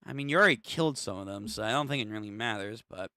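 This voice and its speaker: Lively, profane young man streamer. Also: fairly low pitch, fast, hardly any pauses, no echo, clean studio sound. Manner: casual and profane, reacting out loud. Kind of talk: live manga reaction.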